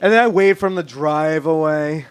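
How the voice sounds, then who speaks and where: A man's voice: fairly high pitch, normal speed. A man hosting a podcast live on stage, telling stories in a self-deprecating, laughing way. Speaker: podcast host.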